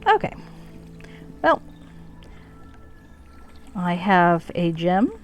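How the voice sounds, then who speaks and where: A woman's voice: fairly low pitch, very animated, extremely slow, soft background music. A woman streaming a role-playing game, with wry, joking asides. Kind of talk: casual let's-play commentary.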